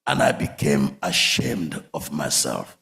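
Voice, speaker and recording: A man preaching a sermon, telling stories with big swings from loud outbursts to quiet murmurs. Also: rumbling low, takes it slowly, gravelly. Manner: animated storytelling, swings from shouts to murmurs. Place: church sanctuary. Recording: echoey church hall.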